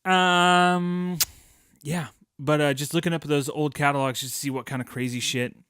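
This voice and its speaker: A man's voice: fairly high pitch, steady tone, normal speed, a bit bright, smooth, no room sound, clean studio sound. A man hosting a podcast, telling a rambling, profane childhood story with self-mocking jokes. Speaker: podcast host.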